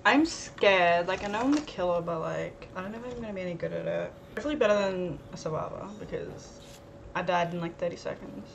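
A woman's voice: fairly low pitch, fairly quick, vocal fry. A young woman streamer giving casual gameplay commentary, jittery and nervous, swearing and laughing as she plays. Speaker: gaming streamer. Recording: noisy background ambience.

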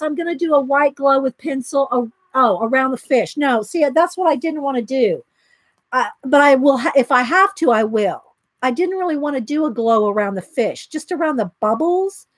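Lady livestreaming her art, thinking out loud, kinda husky and higher pitched. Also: dry recording, low-quality recording. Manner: chatty, thinking aloud, talks to viewers. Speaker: artist livestreaming her work. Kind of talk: casual livestream chat while drawing. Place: home art room.

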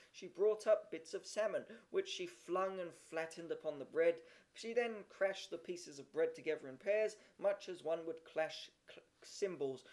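Man reading a story aloud, slightly high voice. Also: a little mellow. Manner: plain reading with slips and restarts. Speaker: reader. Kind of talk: amateur audiobook reading.

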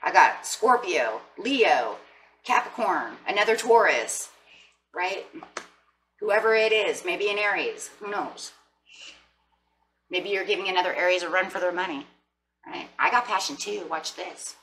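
A woman's voice: fairly low pitch, expressive, unhurried, long pauses, a bit bright, distant mic, slight background noise. A middle-aged woman giving a casual tarot reading in a playful, sassy, chatty way. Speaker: tarot reader.

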